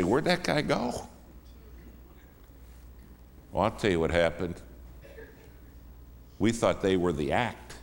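A man preaching a sermon as a guest in a church, emphatic, swinging between hushed and raised lines. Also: low voice. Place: church sanctuary. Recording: long reverb of a church hall.

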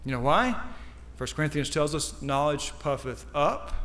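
A high-pitched male pastor preaches to a congregation, moving from calm, measured scripture readings to fervent, climbing peaks of emphasis. His voice rings out with a long, trailing reverb, as if recorded in a large church sanctuary. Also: slight background noise. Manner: builds from quiet scripture reading to emphatic, rising climaxes. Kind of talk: sermon.

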